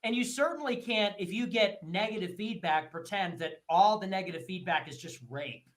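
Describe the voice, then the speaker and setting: A man's voice: animated, moderate pace, fairly bright tone. A man hosting a livestream, ranting in heated, profane commentary and repeating his points. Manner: mocks others in shrill put-on voices. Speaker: livestream host.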